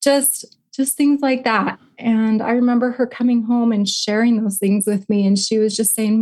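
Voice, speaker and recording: A woman's voice: a little high, flat delivery, normal speed, hardly any pauses. A middle-aged woman, a life coach and podcast guest, telling a personal story and teaching in an earnest, heartfelt way. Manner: earnest, heartfelt, gently instructive.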